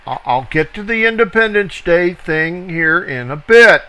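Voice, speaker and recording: A man teaching from scripture, reading each verse slowly and deliberately, calling out reference numbers and stressing key words. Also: fairly high pitch, bright, forceful tone, low-quality recording. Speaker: Bible teacher. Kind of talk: scripture reading with word study.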